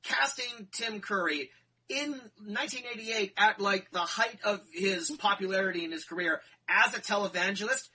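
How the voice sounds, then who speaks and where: A man's voice: high voice, normal speed, sharp tone, husky, recorded from a distance, poor audio. A man co-hosting a movie podcast in a loose, rambling way, laughing often and swearing. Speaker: podcast co-host. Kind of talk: casual chat.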